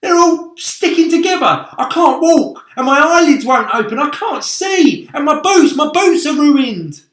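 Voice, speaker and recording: A man voicing a panicking, whiny male centipede who wails and shouts his complaints. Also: very high-pitched, lively intonation, unhurried, roomy sound, distant mic, voice pushed up, exaggerated voice. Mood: panicked wailing.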